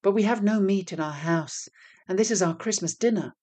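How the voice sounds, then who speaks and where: A woman's voice: mid-range voice, fairly quick, dark tone, lightly acted. A woman voicing a humble, polite poor young man in a storybook tale. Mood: apologetic. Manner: polite, pleading.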